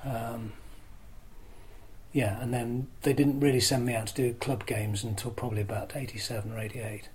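An older man, a former broadcaster being interviewed, telling self-deprecating stories in a chatty, lively way. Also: medium pitch, normal speed, low-quality recording. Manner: lively storyteller who acts out crowd shouts. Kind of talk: anecdotal interview storytelling.

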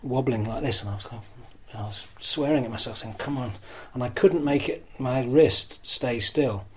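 An older man, a former broadcaster being interviewed, telling self-deprecating stories in a chatty, lively way. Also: mid-range voice, normal speed, poor audio. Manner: lively storyteller who acts out crowd shouts. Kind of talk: anecdotal interview storytelling.

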